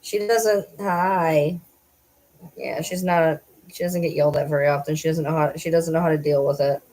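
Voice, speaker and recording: A woman's voice: deep voice, fairly even intonation, normal speed, warm tone, rough recording. A young woman vlogger chatting casually on a livestream, talking to viewers and baby-talking to her dogs.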